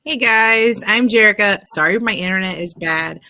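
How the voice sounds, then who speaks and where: A woman's voice: mid-range voice, moderate pace, pushed and bright, no echo. Friendly Southern woman on a video call. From Georgia, US. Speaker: senior project manager. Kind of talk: casual self-introduction.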